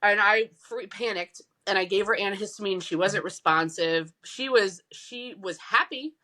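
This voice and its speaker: A woman founder of a nonprofit, telling a personal story in a casual interview, animated and acting out the voices she quotes. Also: mid-range voice, normal speed. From United States.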